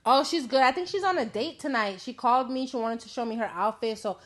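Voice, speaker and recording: A woman's voice: on the high side, fast talker. A young woman hosts a casual call-in live stream in her own voice. She talks openly and swears freely, with frequent laughs between thoughts. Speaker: host.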